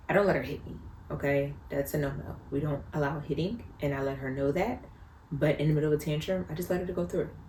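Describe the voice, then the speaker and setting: A woman's voice: sits low, a little mellow. A mother talking casually to camera about parenting, earnest and reflective, often repeating phrases for emphasis. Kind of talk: casual advice talk to camera. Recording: roomy echo, faint background noise.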